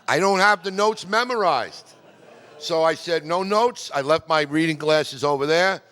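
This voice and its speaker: A chatty, digressive middle-aged man from New York telling radio stories to a club audience. His voice is bright and forceful. It echoes with a long reverb, because he is speaking in a meeting hall. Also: on the high side, moderate pace, clean tone. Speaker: amateur radio presenter. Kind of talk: casual storytelling talk.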